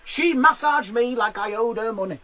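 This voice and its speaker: A man doing stand-up from his garden shed, with quick self-deprecating patter and laughs at his own jokes. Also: extremely high pitch, a bit bright, rough recording. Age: 40s. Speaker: stand-up comedian. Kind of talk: live-streamed stand-up.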